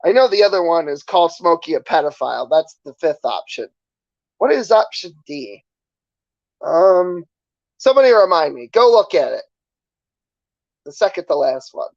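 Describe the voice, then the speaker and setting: A man's voice: a little high, sing-song, normal speed, vocal fry, pauses often, dry recording, dull audio. A man streaming, ranting casually to his chat in a sarcastic, profane, rambling way. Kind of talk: casual livestream rant to chat.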